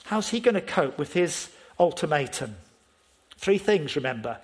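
A man's voice: fairly high pitch, big pitch swings, moderate pace. A man preaching a sermon in an emphatic way, often asking his listeners questions.

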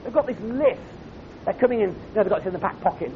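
A man's voice: animated, fast talker. A man preaching a sermon at a camp, earnest and direct, often putting questions to his audience. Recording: dull lo-fi recording with faint rumble.

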